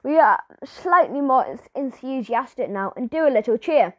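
A woman with a high voice narrating a children's audiobook in a lively first-person manner. The recording is dry and close, with no room sound. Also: normal speed, few pauses, no room sound, muffled recording.

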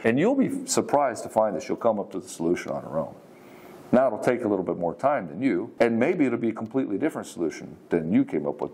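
A man's voice: lowish voice, warm tone, husky. A man giving frank, conversational relationship advice, swearing casually and acting out what partners say. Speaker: dating and relationship coach. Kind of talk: casual advice monologue to the camera.

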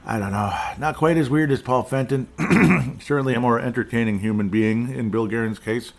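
A man's voice: medium pitch, moderate pace, gravelly. Rambling middle-aged male podcast host. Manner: rambling and digressive, chuckling asides. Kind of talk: casual solo podcast monologue.

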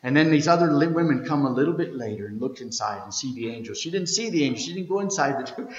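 A man preaching an Easter sermon as pastor, telling the story and reading scripture aloud, swinging from loud to hushed. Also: medium pitch, animated, quick pace, echoey room, long reverb tail, muffled recording. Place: church sanctuary.

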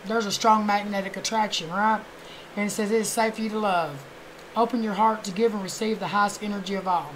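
A woman giving a casual tarot reading, chatty and blunt, who swears offhandedly and murmurs softly while shuffling. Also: medium pitch, a little hiss or hum, low-quality recording. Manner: chatty, swears casually, fillers like "you know". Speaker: tarot card reader.

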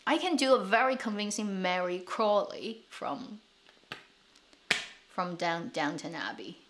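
A woman's voice: mid-range voice, animated, measured pace, a bit bright, slight background noise. A woman whose first language is Chinese, speaking English with a North American accent, chatting casually to camera as a drama channel host, rambling with restarts and light laughs.

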